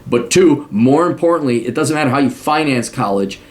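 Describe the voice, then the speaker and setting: A man's voice: medium pitch, lively intonation, fairly quick, a little mellow. A middle-aged man hosting an advice podcast, talking bluntly and sarcastically and acting out mock quotes. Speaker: podcast host giving advice. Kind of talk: casual advice monologue.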